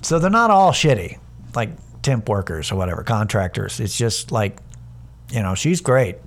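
A man's voice: lowish voice, moderate pace. A man casually telling a funny story about a coworker, swearing and restarting often, acting out both sides of the argument. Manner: animated, acts out both sides of a quarrel in quoted voices; casual and profane, many restarts and fillers. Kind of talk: storytelling comedy monologue.

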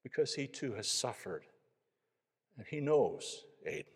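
A man reading aloud as an eager, earnest Viking man who is a new believer, in a loud storytelling voice. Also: mid-range voice, big pitch swings, a little slow, gravelly, husky, voice pushed up, heavily acted. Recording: long hall reverb.

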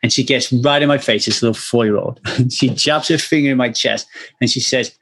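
Man, mid pitch, candid podcast chat, earnest, restarts words, swears casually. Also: fairly even intonation, brisk, a bit bright. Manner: acts out quoted speech animatedly.

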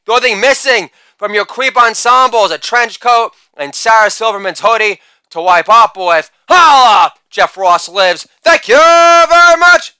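Man, comedian, crude insult roast, shouted catchphrases, smooth tone, dry close sound. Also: high-pitched, no echo. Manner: loud catchphrase shouting, brash crude delivery.

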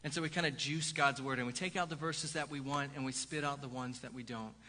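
A pastor preaching a sermon in a lively, conversational way, with "right?" asides to the congregation. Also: male voice, medium pitch, fairly quick. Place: church sanctuary. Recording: hall reverb.

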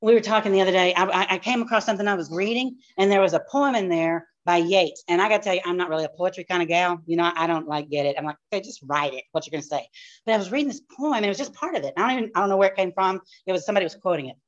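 A woman pastor, teaching a live class in a fast, animated storytelling way with quick asides. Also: mid-range voice. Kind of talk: live-recorded church class. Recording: dull lo-fi live recording.

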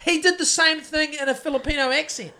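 A man's voice: very high voice, steady tone, brisk, bright, forceful tone. A man with a New Zealand accent, a house painter and podcast co-host, chatting casually in a rambling, sweary way with lots of restarts. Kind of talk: casual chat.

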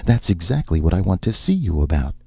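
A man voicing a capable woman agent in a spoken story, raising his pitch, brisk and insistent. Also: sing-song, gravelly, slightly rough, no echo, heavily acted. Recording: dull lo-fi, dry.

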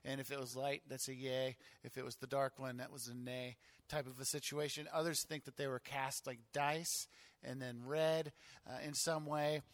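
A male pastor explaining a Bible passage in a relaxed, conversational teaching style with frequent fillers. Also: medium pitch, normal speed, dry recording.

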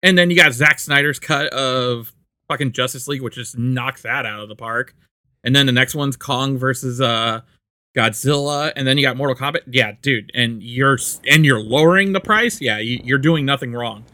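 A man's voice: medium pitch, normal speed, bright, forceful tone, dry recording. A man co-hosting a casual podcast chat, blunt and swearing freely. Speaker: podcast co-host.

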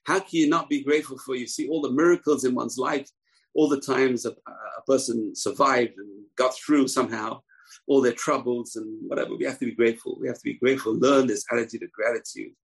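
A man teaching a Torah class, emphatic, repeating key phrases and rising to shouts. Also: mid-range voice, steady tone, fairly quick, creaky, breathy edge, rough recording.

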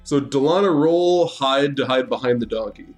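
A man's voice: mid-range voice, moderate pace, soft background music. A man running a tabletop game as dungeon master, narrating loosely and joking with the players.

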